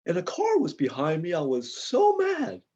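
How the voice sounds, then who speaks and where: A flustered older cracker factory worker rambles and stammers through his complaints, as a man plays him in improv. His pitch swings wildly and his voice is husky. The sound is a dull, lo-fi video call. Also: wildly swooping pitch, normal speed, warm tone, heavily acted. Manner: rambling, stammering, bursts of high-pitched indignation. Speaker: improv performer.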